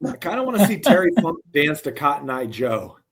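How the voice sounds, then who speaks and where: A man's voice: on the high side, very animated, fairly quick. A man co-hosting a podcast, bantering with dry jokes in casual chat. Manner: wry, jokey banter. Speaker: podcast co-host.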